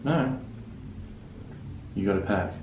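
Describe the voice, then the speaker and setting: Lively young man in a noisy room. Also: fairly low pitch, takes it slowly, highs cut off. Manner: animated, upbeat, prone to laughing. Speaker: vlogger. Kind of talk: casual couple vlog. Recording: roomy with clear background noise and traffic.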